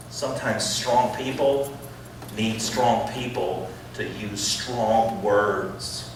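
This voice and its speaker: A middle-aged man preaching in a school chapel, acting out quoted voices and swinging from loud to hushed. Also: mid-range voice, fairly even intonation, unhurried, slight background noise. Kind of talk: sermon. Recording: echoey hall voice from far off.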